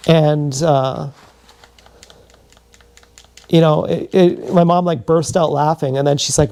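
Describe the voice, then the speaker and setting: A man's voice: a little high, fairly even intonation, slow pace, pauses often, mellow. A man telling a long personal story on a livestream, meandering and profane, often restarting his sentences. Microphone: streaming from a body camera.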